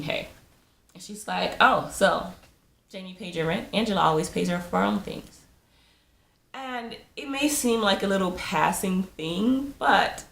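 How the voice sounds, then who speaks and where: Low-voiced woman with some fry, chatty tv recap, echoey room. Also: a little hiss or hum. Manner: chatty, laughs often, acts out quotes. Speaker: TV episode reviewer. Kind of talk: casual TV recap. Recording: roomy echo.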